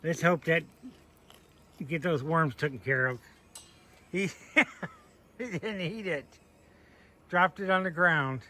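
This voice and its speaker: In this casual farm vlog, a man walks his small homestead outdoors to show his animals, talking affectionately to his goats along the way. He speaks in a fairly high voice that sounds pushed and bright.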